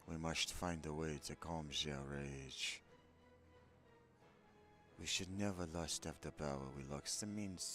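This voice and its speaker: Man doing a defeated emperor, fake Russian accent, deep, slow, grave. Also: a bit bright, heavily acted.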